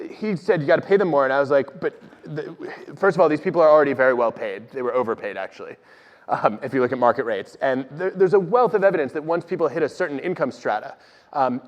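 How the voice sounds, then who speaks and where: A man, an organizational psychologist, telling stories on stage in an animated, self-deprecating way. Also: a little high. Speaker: organizational psychologist guest speaker. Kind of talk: conversational talk on stage. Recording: dull audio with long hall reverb.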